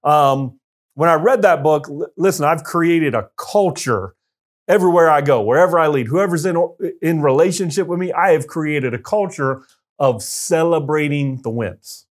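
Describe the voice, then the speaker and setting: Energetic high-voiced man coaching. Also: normal speed. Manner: energetic, emphatic, talks to viewers directly. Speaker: business coach. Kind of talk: motivational talk to camera.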